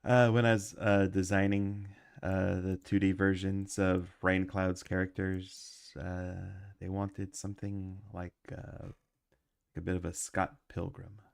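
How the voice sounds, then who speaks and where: A man's voice: low voice, level tone, unhurried, gravelly, smooth, no echo, clean studio sound. A man who is sick with a cough, chatting casually while he livestreams his animation work and rambling with lots of ums and uhs.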